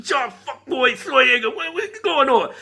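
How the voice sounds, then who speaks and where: Man doing brash outraged friend, profane, high bright voice. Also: expressive, measured pace, gravelly, full character voice. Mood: indignant. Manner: profane, indignant.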